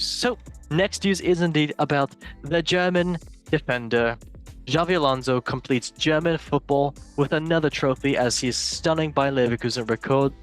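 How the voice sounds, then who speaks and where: A man's voice: medium pitch, fairly bright tone. A man hosting a casual football news chat, reading headlines with jokey asides and stumbles. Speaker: show host.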